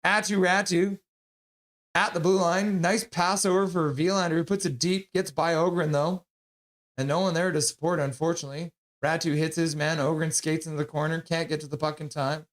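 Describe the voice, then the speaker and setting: A man's voice: fairly high pitch, steady tone, moderate pace. A man hosting a live stream, calling hockey play-by-play in a casual, chatty way and joking with chat between calls.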